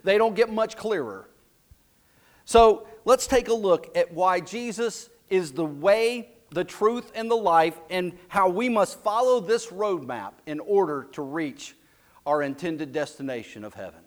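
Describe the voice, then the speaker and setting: A man preaching a sermon as pastor, slow and emphatic, dropping his voice low and soft for key lines. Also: lively intonation. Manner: slow, emphatic preaching with dramatic drops to a hush.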